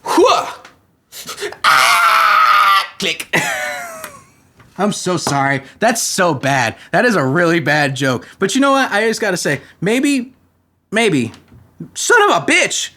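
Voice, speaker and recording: A young man hosts a comedy podcast, reading out news items and then tearing into them with crude, mocking rants. His voice sits a little high for a man and swings widely as he talks. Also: big pitch swings, measured pace, bright, forceful tone. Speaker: podcast host.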